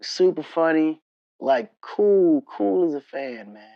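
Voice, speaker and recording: A man with a somewhat raised voice sits as an interview guest and spins animated, slang-filled stories, laughing as he goes. The sound is dry and a little muffled. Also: on the high side, slow pace, vocal fry, dry recording. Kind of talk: casual storytelling conversation.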